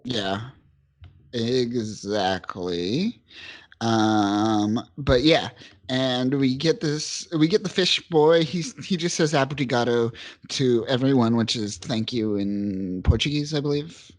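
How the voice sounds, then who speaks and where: A man co-hosting a casual podcast, rambling eagerly about a comic issue. He talks at an ordinary middle pitch and circles back to restart his sentences. His enthusiasm keeps him laughing along the way. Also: slow pace. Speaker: podcast co-host. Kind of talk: casual comic book discussion.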